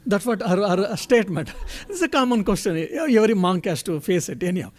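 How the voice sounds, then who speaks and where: Monk speaker, high-pitched man, gentle halting teacher giving a spiritual talk. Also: lively intonation. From India. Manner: halting, self-correcting, gentle storytelling. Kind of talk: answering a question in a spiritual talk.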